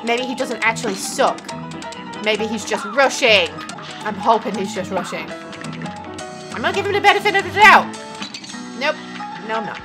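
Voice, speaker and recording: A woman's voice: on the high side, animated, normal speed, pauses often. A woman reacting to gameplay footage in casual commentary, sarcastic and exasperated, swearing freely. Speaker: gaming YouTuber reacting to a video. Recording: music playing clearly behind.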